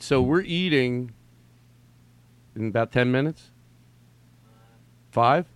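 A man's voice: medium pitch, lively intonation, slow pace, pauses often, clear, resonant tone, no room sound. Rambling man on a dry close mic. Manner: rambling, swearing, mimics texts in sing-song voice. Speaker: podcast host. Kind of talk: casual rambling podcast monologue.

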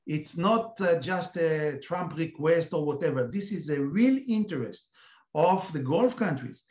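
A counter-terrorism expert with an Israeli accent, appearing as an interview guest, tells an anecdote at length, full of hesitant fillers. His voice is a little high and slightly mellow, with lively intonation and an unhurried pace. The remote audio sounds echoey and dull.

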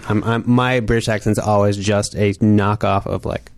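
A man's voice: fairly low pitch, little pitch movement, moderate pace, no echo. A man hosting a podcast, asking questions in a jokey way and laughing often. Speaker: podcast host. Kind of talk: casual interview chat.

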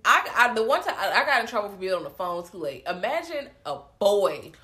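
A woman's voice: medium pitch, sing-song, a little fast, pushed and bright. A woman in casual chat, animatedly retelling a film with profane slang and acted-out quotes. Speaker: podcast co-host recapping a film.

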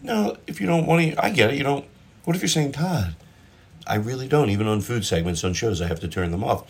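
Recorded on a nearby propped-up phone, this middle-aged comic chats and rambles as he cooks and eats at home for his own show. His mid-range voice is animated, fast, creaky and husky, and he keeps cutting himself off with a little mild swearing.

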